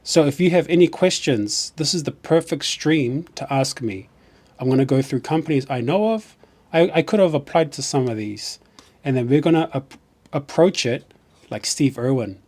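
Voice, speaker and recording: A man's voice: a little high, expressive, moderate pace, darkish tone. A man from New Zealand with a New Zealand accent, chatting casually on a live stream in a rambling way and often restarting his sentences.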